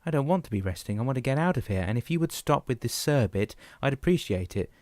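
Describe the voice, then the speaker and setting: A man's voice: mid-range voice, brisk, warm tone, no echo, clean studio sound, pitched above the performer's own voice, close to an everyday voice. A man voicing an agitated, confused patient. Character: confused, angry adult man in hospital.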